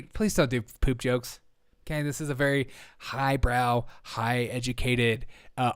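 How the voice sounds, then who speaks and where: A man's voice: mid-range voice, a bit bright, clear, resonant tone, no room sound, clean studio sound. A man hosting a comedy show, riffing on politics with mock-serious sarcasm and frequent laughter at his own jokes.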